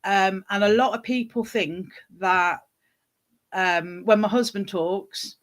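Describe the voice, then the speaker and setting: A woman from the West Midlands with a faint Wolverhampton accent, chatting as a guest, talkative and quick to agree. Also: medium pitch, animated. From West Midlands, England. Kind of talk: casual chat.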